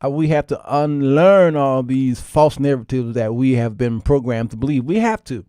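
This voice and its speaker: A man's voice: medium pitch, normal speed, mellow, smooth, no echo, clean studio sound. A man hosting a casual livestream, talking folksy to his viewers and laughing often. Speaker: show host.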